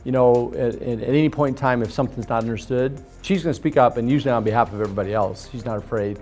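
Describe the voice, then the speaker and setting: A coworker speaking warmly of a colleague in an interview, conversational with frequent fillers. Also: medium pitch, fast. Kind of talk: interview testimonial. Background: soft music.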